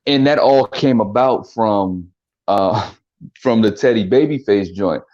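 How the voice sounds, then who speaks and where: Low-voiced comedian man, muffled sound. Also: takes it slowly. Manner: relaxed, reflective, talks things through with restarts. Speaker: comedian guest. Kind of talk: casual interview chat.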